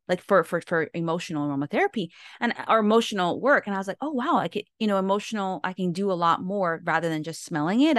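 A woman's voice: low-pitched, dry recording, studio quality. A woman hosting a podcast, chatting casually with a guest in an enthusiastic, rambling way. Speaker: podcast host. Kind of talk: casual interview chat.

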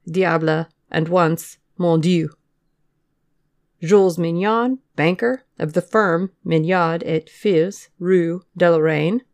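Narrator, gravelly, mid pitch, reads classic detective fiction in a steady, measured manner. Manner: measured, even-paced reading of witness testimony. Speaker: podcast reader. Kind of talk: scripted audiobook narration.

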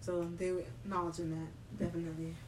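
A young woman chatting casually as a podcast co-host, telling stories in a relaxed way with many fillers. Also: on the low side, quick pace, recorded from a distance. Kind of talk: casual chat.

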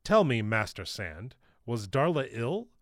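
A man's voice: medium pitch, sing-song, measured pace, no room sound, clean studio sound. A man voicing a young woman mage, polite and speaking up to be heard.

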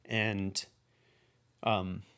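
A man recalling his work as a filmmaker in a casual, halting way, full of restarts, his voice dropping soft at emotional points. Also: deep voice, level tone, smooth. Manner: halting and repetitive, many restarts and fillers; earnest, voice drops soft when moved. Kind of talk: casual spoken recollection.

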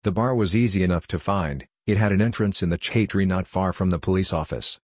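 A man reading a novel aloud in a measured, even storytelling manner. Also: low voice, breathy edge, no room sound, clean studio sound. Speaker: audiobook narrator. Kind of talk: scripted narration.

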